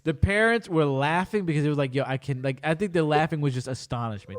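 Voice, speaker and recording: A young man with a slightly higher voice hosts a loose podcast conversation. He tells stories with animated, exaggerated energy and swears freely. His rants are mock-serious. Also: quick pace. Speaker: podcast host. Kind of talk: casual chat.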